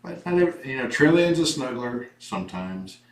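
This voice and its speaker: A man chatting casually and rambling in a relaxed, joking way about foster kittens. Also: medium pitch, moderate pace. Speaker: kitten foster parent filming a cam video. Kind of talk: casual chat. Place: indoor room with foster kittens. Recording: roomy room, far from the mic.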